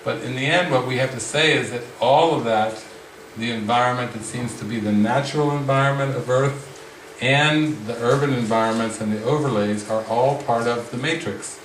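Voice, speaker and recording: A man leading a spiritual retreat discussion, speaking slowly and reflectively with frequent restarts. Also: mid-range voice, a little hiss or hum. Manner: slow, reflective, many restarts. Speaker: spiritual teacher. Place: retreat room with a group. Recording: roomy sound from the mic's distance.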